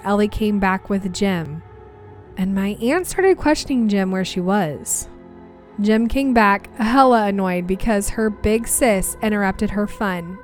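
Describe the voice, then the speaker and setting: A young woman narrating a personal ghost story from her family in an earnest, steady way. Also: medium pitch.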